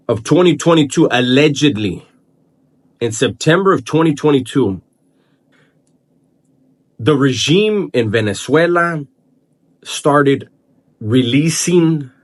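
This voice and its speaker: A man hosting his own video channel, talking casually to the camera and restarting his sentences often as he thinks aloud. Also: medium pitch. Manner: halting, repeats words and restarts while thinking aloud. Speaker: channel host. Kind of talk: casual vlog commentary.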